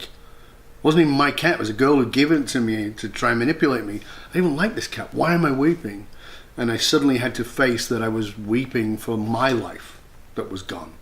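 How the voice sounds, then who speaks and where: A man's voice: medium pitch, fairly bright tone. A man as an interview guest and leadership mentor, telling a personal story in a candid, reflective and earnest way, with blunt swearing now and then. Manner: often acts out his own past words.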